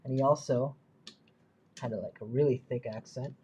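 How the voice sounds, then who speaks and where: Male streamer working indoors on a hobby build, chatty and self-mocking, mid-pitch voice. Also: steady tone, moderate pace, a little mellow, slight background noise. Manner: muttering to himself, self-deprecating, chatty asides. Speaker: livestream host. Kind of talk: live build stream, thinking aloud.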